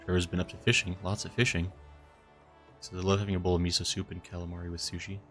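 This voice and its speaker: A man's voice: deep voice, little pitch movement, quick pace, a bit bright, soft background music. A man streaming a video game, chatting casually and reading viewer comments aloud with an easy, chuckling manner.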